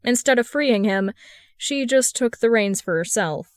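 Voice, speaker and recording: A woman's voice: fairly high pitch, animated, unhurried, clear, resonant tone, no echo, studio quality. Woman reading fan fiction aloud. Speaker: podfic reader. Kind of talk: fan fiction audiobook narration.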